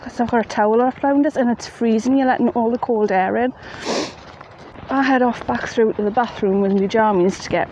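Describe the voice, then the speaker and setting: A woman's voice: fairly high pitch, steady tone, brisk, a little mellow, rough recording. A woman telling a ghost story in a chatty, plain-spoken way, outdoors at night in the rain. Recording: faint rain noise behind.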